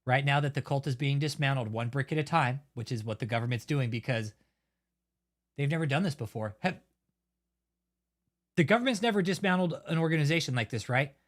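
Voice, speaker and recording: A man's voice: mid-range voice, a little fast, long pauses. A man hosting his own channel, delivering a heated, heavily profane and blunt rant of commentary. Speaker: channel host. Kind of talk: angry ranting commentary.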